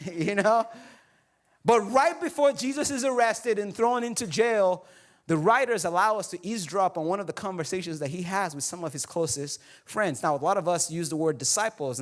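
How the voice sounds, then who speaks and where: Pastor in the pulpit, high voice, laid-back and funny, speaks right to the room. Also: male voice, lively intonation, brisk. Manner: casual, joking, talks straight to the congregation. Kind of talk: sermon. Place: church hall before a congregation.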